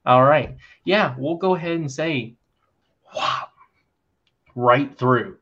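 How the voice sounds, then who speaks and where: A man narrating as game master in a relaxed way, with lots of fillers. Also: medium pitch, a little slow, dull audio.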